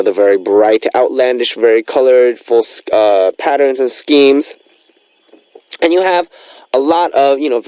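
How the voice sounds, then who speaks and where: A man's voice: medium pitch, a little mellow, no echo. A young man hosting a radio show in a studio, chatting casually and rambling with lots of fillers.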